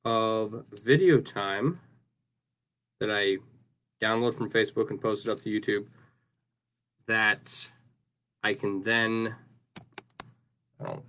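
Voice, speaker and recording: This man has a lowish, fairly bright voice, and there's slight background noise. He's livestreaming while he works on his crafts, talking through it in a loose, rambling way and frequently closing sentences with "right?"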